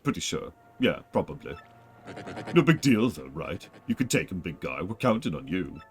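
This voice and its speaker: A man's voice: deep voice, sing-song, moderate pace, faint music behind, voice pushed down. A man voicing a pompous, nervous male adventurer from a video game, chatty and making sheepish excuses.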